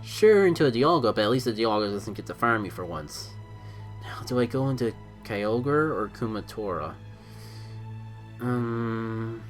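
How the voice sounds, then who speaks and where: Excitable man narrating his gameplay live. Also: on the low side. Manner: excitable, thinks aloud, self-critical. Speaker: streamer playing a mobile game.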